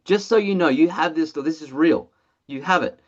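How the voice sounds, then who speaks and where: A presenter running an energetic sales training webinar over a video call, blunt and excitable, swearing casually. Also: mid-range voice, normal speed, lo-fi sound.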